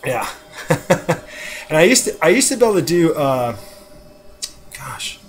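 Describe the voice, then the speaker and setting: A man's voice: fairly high pitch, sing-song, measured pace. A man chatting casually on a live stream, rambling with lots of fillers, with a dry throat. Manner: rambling, with many "uh"s and laughs. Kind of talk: casual chat.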